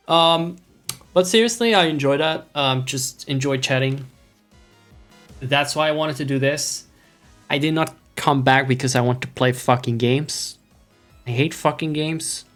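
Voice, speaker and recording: A man at medium pitch talks through a game stream, casual and rambling, with a wry, mock-lordly streak and plenty of swearing. Faint game music plays quietly behind him. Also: a little slow. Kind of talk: casual gameplay chat with viewers.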